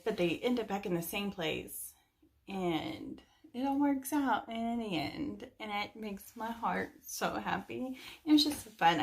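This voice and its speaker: Chatty woman with a gravelly edge. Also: medium pitch. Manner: rambling, chatty, many fillers. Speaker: book reviewer. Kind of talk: casual chat.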